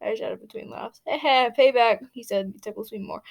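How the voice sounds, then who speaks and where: A woman's voice: fairly high pitch, fairly quick, creaky. A woman reading fan fiction aloud, stumbling over words and stopping for her own asides. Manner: stumbling, restarting, laughing asides. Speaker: fanfic reader.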